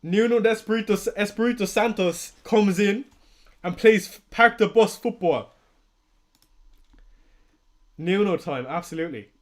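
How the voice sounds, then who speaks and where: Excitable Irish man streaming. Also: high-pitched, a little slow, pauses often. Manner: excitable, swears, laughs often. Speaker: fantasy football streamer. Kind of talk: casual livestream commentary.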